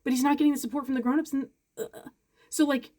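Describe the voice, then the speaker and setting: Fast-talking exasperated mother venting. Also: high-pitched, fairly even intonation, dark tone. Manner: exasperated, retells dialogue in quick bursts. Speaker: parent vlogger. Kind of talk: frustrated casual rant to camera.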